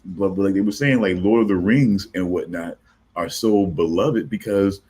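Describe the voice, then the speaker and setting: A man with a very low voice talks loosely in a casual chat, rambling between thoughts. His tone is husky and a bit breathy. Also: normal speed, warm tone. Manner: rambling, loose, with many fillers.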